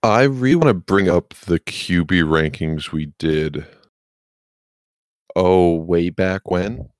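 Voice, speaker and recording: A man's voice: deep voice, slow pace, no room sound. A man co-hosting a casual sports podcast, rambling and swearing casually, with a self-deprecating streak and the hiccups. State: has the hiccups. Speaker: podcast co-host.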